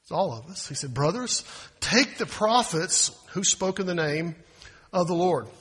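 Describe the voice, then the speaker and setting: A bright, higher-pitched man with a husky edge delivers a sermon in a conversational way. He throws rhetorical questions at the congregation and slips into quoted voices to make his point. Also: lively intonation, measured pace. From United States. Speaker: pastor.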